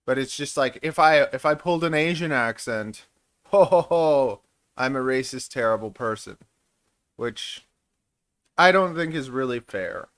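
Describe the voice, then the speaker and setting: A man's voice: medium pitch, lively intonation, moderate pace, a bit bright, clean tone, no room sound. Joking man in his thirties, dry close mic. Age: 30s. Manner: rambling and jokey, laughs often. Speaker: channel host. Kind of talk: casual live-stream chat.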